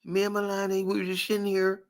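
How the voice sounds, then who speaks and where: A man putting on the voice of a smug, self-satisfied male console fan, spoken in a flat, hushed way. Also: high voice, fast talker. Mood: mock content.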